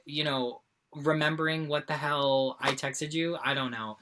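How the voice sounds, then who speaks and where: A woman's voice: low-pitched, unhurried. A woman from Central Massachusetts co-hosting a casual podcast, acting out exasperated quotes. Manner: animated, acts out exasperated quotes. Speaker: podcast co-host. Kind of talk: casual chat.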